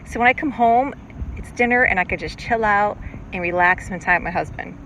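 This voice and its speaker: Out on a lake atop a paddleboard, a middle-aged podcast host talks fairly quickly in a casual, meandering monologue, chatty and turned inward. Her voice sits at medium pitch with a bit of brightness. The audio is poor, with passing boats audible in the background.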